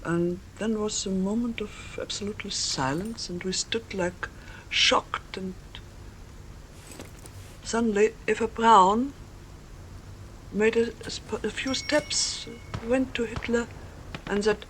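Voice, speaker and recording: An older woman recalling events in a slow, halting way, restarting phrases and using grammar. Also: medium pitch, steady tone, fairly bright tone, a little hiss or hum, low-quality recording. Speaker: eyewitness interviewee. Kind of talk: recalled testimony.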